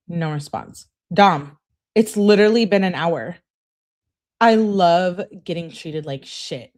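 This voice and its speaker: Low-voiced woman reading texts aloud. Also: darkish tone. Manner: emphatic, exasperated asides. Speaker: true crime channel host. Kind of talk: reading text messages aloud with commentary.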